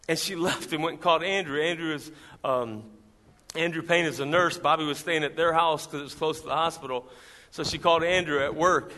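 Male preacher, bright high voice, church hall reverb; loud surges, hushed narration. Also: fairly quick. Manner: preaching voice that climbs high and loud for emphasis, quiet when storytelling. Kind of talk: sermon testimony.

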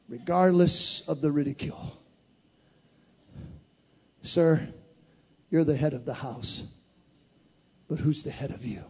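A man preaching a sermon as pastor, impassioned, swinging from loud climaxes to hushed storytelling. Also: a little high, takes it slowly, long pauses, husky.

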